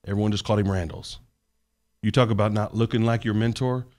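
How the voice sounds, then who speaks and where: A man who is a podcast guest and works on college sports staff. He tells earnest, animated stories in a casual interview conversation. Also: on the low side, quick pace.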